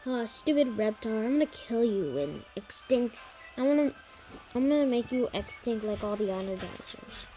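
A woman giving casual, excitable commentary while playing a racing game, reacting loudly to setbacks. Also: on the high side, moderate pace, faint music behind. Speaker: gaming video creator.

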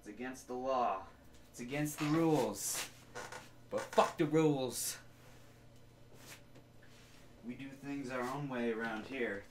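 Slow-talking joking podcast host, a man. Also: medium pitch, echoey room, slight background noise. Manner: loose, joking, swears freely. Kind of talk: casual solo podcast rambling. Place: home basement studio.

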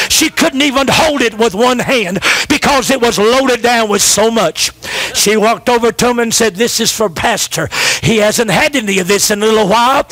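A middle-aged man preaching a sermon as pastor, calling out to the congregation and swinging from shouted refrains to low, quick asides. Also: no room sound.

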